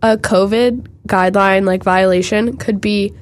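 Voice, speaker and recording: Young woman, stuffy congested voice, podcast co-host, emphatic casual talk, mid-pitched. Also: steady tone, measured pace. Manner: emphatic, frequent "like".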